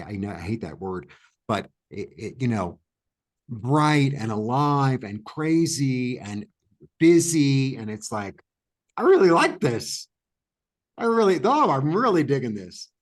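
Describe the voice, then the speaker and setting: A New York man with a mid-range voice is a guest in an interview, telling a story in casual storytelling chat. He rambles animatedly, restarting often and using many fillers.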